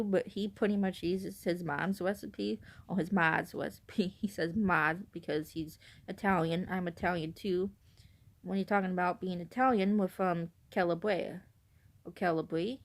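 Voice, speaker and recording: A woman's voice: medium pitch, steady tone, normal speed. A woman from northern Illinois talking casually to camera in a vlog. She rambles, keeps correcting herself, giggles often and admits to being nervous on camera. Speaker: vlogger.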